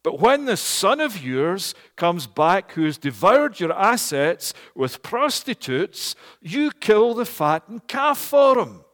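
A preacher voicing a bitter, indignant elder brother. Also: male voice, sits high, very animated, pitched above the performer's own voice, full character voice. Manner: slow, loud, aggrieved complaint. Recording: long hall reverb.

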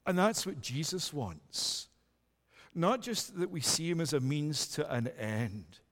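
A male preacher with a high, lively voice that rises and falls across each phrase. He speaks earnestly and emphatically, putting direct questions to his listeners. The sound carries a long hall reverb. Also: takes it slowly. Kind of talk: sermon.

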